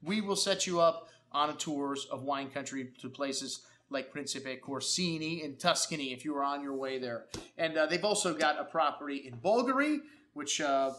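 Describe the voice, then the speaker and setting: Guy going on about wines, lots of uhs, kinda high voice, casual. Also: moderate pace, pushed and bright. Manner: chatty, enthusiastic, many "uh" fillers. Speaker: wine shop host. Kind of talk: casual wine review to camera. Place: wine shop.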